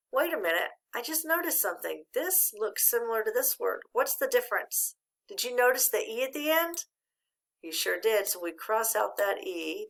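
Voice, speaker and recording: A woman's voice: medium pitch, creaky, pushed and bright. A middle-aged woman teaching a patient, encouraging phonics lesson to a child. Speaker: reading teacher.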